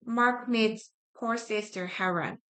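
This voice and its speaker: A woman whose first language is Korean, reading simple grammar practice sentences aloud, repeating each one with halting restarts. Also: a little high, fairly bright tone. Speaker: study-with-me streamer.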